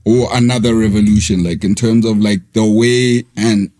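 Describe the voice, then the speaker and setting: A man's voice: on the low side, steady tone, moderate pace, warm tone. A man co-hosting a casual podcast chat, laughing often and saying "sure" a lot. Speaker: podcast co-host.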